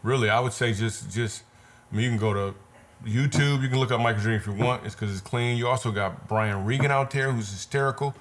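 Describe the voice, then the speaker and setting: Talking fast in a mid-range voice, a male comedian on as a guest recounts something from his own life. He tells it earnestly and vividly, circling back over the same points as he chats.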